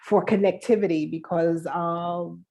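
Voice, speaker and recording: A woman's voice: lowish voice, fairly even intonation, a little slow, vocal fry, darkish tone. A woman with a Brooklyn accent, a guest spiritual worker, chatting casually and laughing easily on a video call. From New York.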